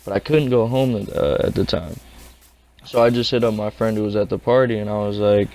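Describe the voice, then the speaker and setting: A man's voice: lowish voice, a little fast, a little mellow. A young man casually telling a rambling, slangy story. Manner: rambling, slangy, laid-back.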